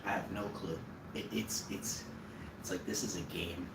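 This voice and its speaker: A man talks loosely and bluntly, drifting from one thought to the next with offhand swearing. He sits well back from the mic in an echoey room, with steady noise behind him. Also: sits low, moderate pace. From Manitoba, Canada. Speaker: vlogger. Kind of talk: casual rambling monologue to camera. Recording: roomy, distant mic, noisy background.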